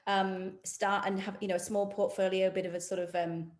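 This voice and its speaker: A woman's voice: mid-range voice, little pitch movement, a little fast, echoey room. A woman hosting a casual interview over a video call, friendly, with lots of fillers. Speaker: podcast host.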